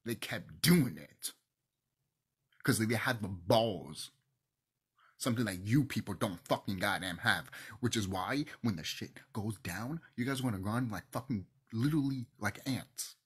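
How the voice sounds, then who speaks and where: A man's voice: on the low side, lively intonation, a little slow, breathy edge. A man hosting his own channel, ranting to camera in a heated, profane, preachy way. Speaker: channel host.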